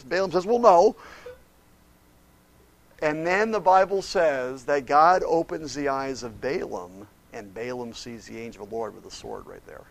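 High-voiced man preaching a lively Bible story. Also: moderate pace, creaky. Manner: animated retelling with voices for characters. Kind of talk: sermon storytelling.

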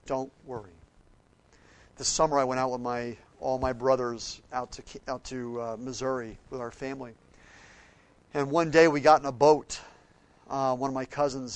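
A man preaching a sermon, telling stories with acted-out quotes and swinging between loud outbursts and soft, quiet passages. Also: medium pitch, vocal fry.

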